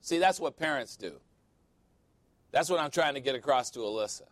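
A male pastor preaching a sermon, animated and storytelling, often quoting others in playful voices. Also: mid-range voice, moderate pace, pauses often, no room sound.

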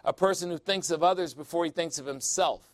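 An older man delivers a sermon with a blunt, wry storytelling manner. His voice sits a little high, and the sound is close and dry with no room echo. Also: fairly quick. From Chicago. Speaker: pastor.

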